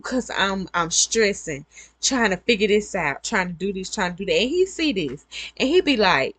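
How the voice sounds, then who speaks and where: A woman's voice: mid-range voice, big pitch swings, normal speed, fairly bright tone, husky, dry recording. A woman vlogger giving earnest, repetitive, conversational advice to her viewers. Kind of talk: casual advice monologue.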